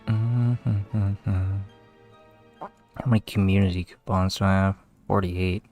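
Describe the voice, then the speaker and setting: A man's voice: sits low, fairly even intonation, takes it slowly, a little mellow, soft background music. A young man giving casual, swearing commentary as he plays a game, muttering to himself and getting easily aggravated. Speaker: gamer streamer.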